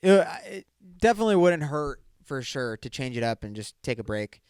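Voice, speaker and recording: A man's voice: medium pitch, very animated, moderate pace, darkish tone, smooth, no room sound, clean studio sound. A man in his mid-twenties hosting a casual solo podcast, rambling and swearing a lot and saying "dude" often. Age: 20s. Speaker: podcast host.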